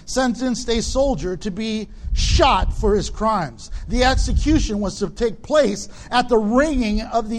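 A middle-aged male pastor preaching a sermon, animated and acting out the people in his stories. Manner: animated preaching, acts out quoted people in a high shout.

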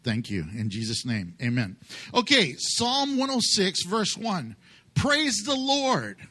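A man's voice: medium pitch, huge pitch swings, unhurried, pushed and bright, husky. A pastor preaching a conversational, emphatic sermon to his congregation, joking with them along the way.

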